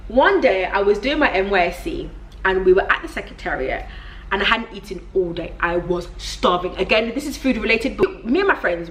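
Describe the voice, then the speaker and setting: A Nigerian woman in her twenties, a vlogger giving a comedic rant in an animated, exasperated way and often breaking into laughter. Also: on the low side, slight background noise.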